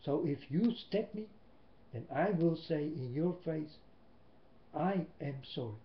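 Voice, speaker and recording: A man whose first language is Dutch, preaching a sermon in English into a webcam at home, slow and emphatic, swinging between loud and soft. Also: a little high, expressive. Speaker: lay preacher. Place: indoors at home. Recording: roomy, dull webcam audio.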